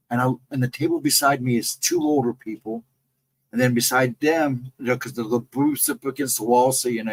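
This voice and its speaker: Man, husky, personal ghost stories, lively swinging pitch, rambling. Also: rough recording. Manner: rambling, self-correcting, conversational. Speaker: guest storyteller. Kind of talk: casual telling of personal ghost encounters.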